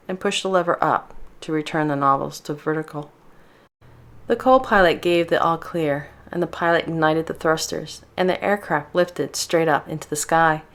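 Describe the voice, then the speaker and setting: A woman with a low voice narrating her own novel. She reads at a steady, measured pace, clear and even. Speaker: author reading her novel. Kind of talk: audiobook narration.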